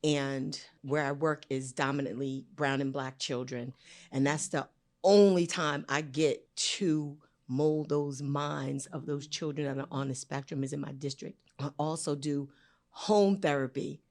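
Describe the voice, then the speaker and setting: A woman with a notably low voice speaks up from the audience about her work with children. Her words pour out in an emotional, heartfelt way. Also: steady tone, a little mellow. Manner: emotional, heartfelt, fast-flowing. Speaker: audience member, school paraprofessional.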